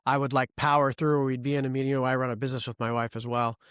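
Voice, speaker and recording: A man's voice: mid-range voice, little pitch movement, racing, a bit bright, clean tone, no room sound, studio quality. A man hosting a podcast, talking candidly and reflectively about himself, rambling a little with restarts. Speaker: podcast host. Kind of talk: casual interview talk.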